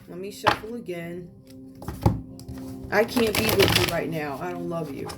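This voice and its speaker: A woman's voice: lowish voice, a little slow. A woman doing a tarot reading for viewers, talking in a sassy, outspoken way and asking the cards to speak. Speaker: tarot reader. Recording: distant mic with loud music behind.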